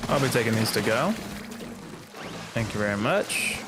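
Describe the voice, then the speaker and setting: A man's voice: on the low side, expressive, normal speed, very noisy. A man streaming a game and chatting casually, rambling and throwing in playful exclamations. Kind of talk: casual gameplay commentary. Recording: music playing behind.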